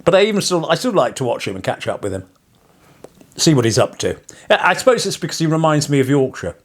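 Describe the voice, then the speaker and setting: An English parson vlogs in a casual, rambling monologue, wry and digressive, with chuckling asides. His voice is on the high side and sing-song, and he talks fast.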